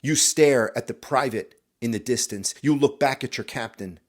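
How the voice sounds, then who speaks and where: A man's voice: medium pitch, normal speed. A man hosting a podcast, telling a story in a scripted, dramatic way and talking straight to the listener. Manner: dramatic, addresses the listener directly. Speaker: podcast host.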